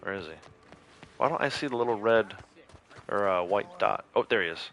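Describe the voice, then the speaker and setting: A man's voice: lowish voice, expressive, fairly quick, background noise. A man chatting casually while streaming a game, rambling loosely between stories and laughing often. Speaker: streamer and youth softball coach. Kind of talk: casual livestream gameplay commentary.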